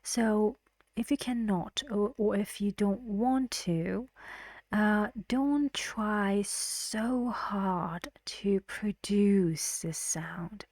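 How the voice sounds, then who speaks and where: A woman's voice: medium pitch, drawn-out words, darkish tone, no room sound, studio quality. A woman teaching English pronunciation in an online lesson, patiently drilling stress patterns and often dropping into a whisper. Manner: chants stress patterns in syllables.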